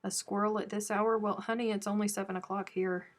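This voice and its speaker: A woman from the South with a light Southern accent, chatting with viewers on a live stream. She tells stories in a chatty, animated way, and her voice sits in a middle pitch. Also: a little fast. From American South. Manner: chatty storytelling, animated when telling stories. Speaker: crochet live stream host. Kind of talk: casual live chat with viewers.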